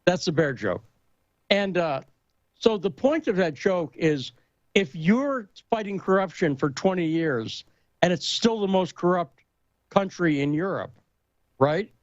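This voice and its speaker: A man in casual talk-show conversation, telling a story and joke with lively emphasis. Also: sits high, a little slow, dry recording, dull audio.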